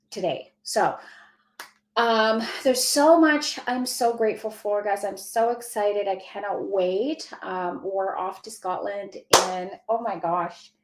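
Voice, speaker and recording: A woman's voice: mid-range voice, roomy sound, rough recording. A woman hosting a casual live stream as a spiritual mentor, gushing and effusive, greeting viewers by name and laughing often. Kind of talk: casual livestream chat. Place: indoors at home.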